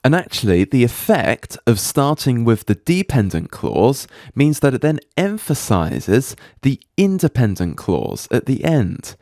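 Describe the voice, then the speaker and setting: A man teaching a recorded writing lesson over slides, explaining patiently and reading example sentences aloud slowly and deliberately. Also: mid-range voice, sing-song, creaky, a little mellow, no echo, studio quality.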